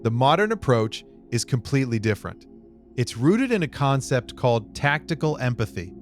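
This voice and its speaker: A man narrates a scripted self-help piece in a middle-pitched voice that rises and falls with lively variety. He speaks in a measured, deliberate way and leans on dramatic pauses. Quiet music plays faintly underneath him.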